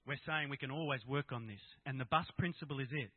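A man's voice: medium pitch, fast talker, slightly rough, no room sound. A middle-aged Australian man giving a candid, plain-spoken personal talk to an audience of Christian fathers. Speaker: speaker at a Christian fathers' gathering. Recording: tinny, dry phone-like sound.

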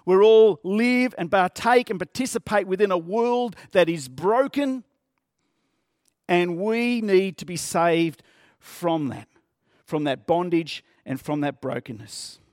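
A man's voice: sits high, slow, a little mellow, no room sound, clean studio sound. A male pastor preaching a sermon in an earnest, conversational way, often repeating words and asking the congregation questions.

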